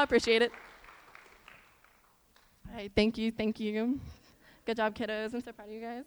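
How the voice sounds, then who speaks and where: A young woman from Iowa tells stories to a church audience in a high, smooth voice. She is animated and chatty, and talks straight to her listeners with asides. Long reverb from a church hall carries every word. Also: moderate pace, long pauses. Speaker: church speaker. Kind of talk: chatty sermon with storytelling.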